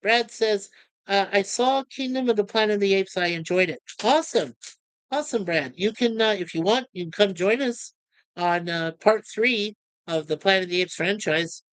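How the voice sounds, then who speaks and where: A man's voice: high voice, normal speed, a bit bright, no echo. A middle-aged man hosting a livestream, chatting casually and rambling as he reads viewer comments. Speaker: livestream host.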